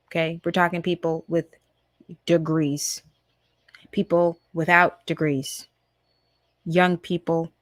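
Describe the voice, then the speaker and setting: A woman's voice: lowish voice, flat delivery, slow pace, pauses often, no room sound, clean studio sound. A woman in her twenties hosting a podcast, giving a heated, emphatic political monologue full of rhetorical questions. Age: 20s. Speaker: podcast host.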